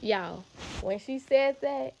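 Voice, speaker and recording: A woman's voice: high-pitched, takes it slowly, vocal fry, noisy background. A young woman telling a casual storytime, emphatic and speaking straight to her viewers on a phone mic. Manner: emphatic, talks straight to viewers with "y'all" and "okay?".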